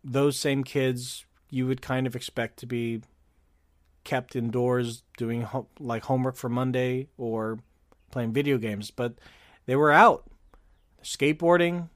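A man's voice: medium pitch, fairly even intonation, measured pace, no echo. Chatty california guy rambling w lots of ums, mid voice, dry close sound. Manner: chatty, rambling with fillers and restarts. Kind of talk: casual chat.

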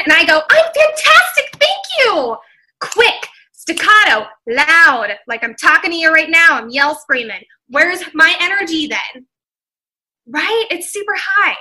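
A woman life coach giving a motivational seminar talk, acting out little exchanges and speeding up and slowing down for effect. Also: very high-pitched, rough recording. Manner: animated, acts out quoted voices and speeds up and slows down for effect.

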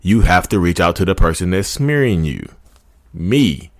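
A man in his thirties talks straight to his audience in a casual, rambling way, sliding into passionate rants. His voice sits on the low side. The sound is dry and close, with no room echo. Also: expressive, moderate pace. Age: 30s. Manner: chatty and rambling, often addresses viewers as "y'all"; passionate, ranting bursts. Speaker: YouTube channel host. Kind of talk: casual talk to camera.

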